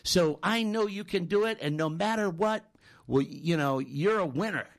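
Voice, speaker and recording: A man's voice: sits high, expressive, a little slow, pitched above the performer's own voice, heavily acted. A man voicing a frustrated male swim coach who coaxes and pleads with his star athlete. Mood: coaxing.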